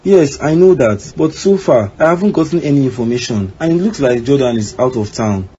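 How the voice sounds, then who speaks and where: A man's voice: mid-range voice, lively intonation, fairly quick, dark tone, lightly acted. A man voicing an evasive young husband in a cartoon, answering defensively. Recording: slightly dull with faint background noise.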